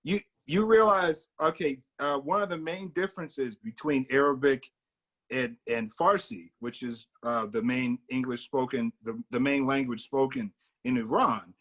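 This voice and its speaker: A man's voice: medium pitch, a little slow, fairly bright tone. A man hosting a casual discussion over a video call, easygoing and affirming, often saying "right, right". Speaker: host.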